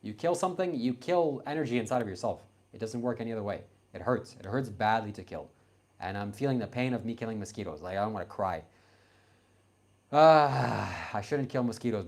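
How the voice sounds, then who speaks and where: A man's voice: fairly low pitch, darkish tone. A young man from Canada in his late teens, answering his livestream chat in a blunt, confrontational, self-assured way.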